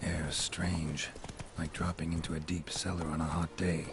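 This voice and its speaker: Terse monster hunter, extremely deep voice, curt, video game. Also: male voice, normal speed, background noise. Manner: curt, flat questions.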